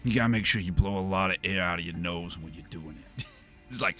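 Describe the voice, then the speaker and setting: A man's voice: low voice, fairly quick, fairly bright tone, soft background music. A man streaming a game, chatting casually and rambling through jokes and silly voices. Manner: joking, rambling, laughs at own jokes. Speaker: gaming streamer. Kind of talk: casual gameplay commentary.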